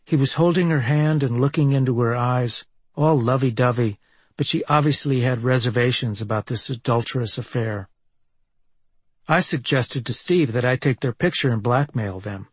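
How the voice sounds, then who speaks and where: A man's voice: medium pitch, normal speed, breathy edge, dry recording. Wry man reading his memoir. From Minneapolis, US. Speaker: memoir narrator. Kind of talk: reading a personal travel memoir.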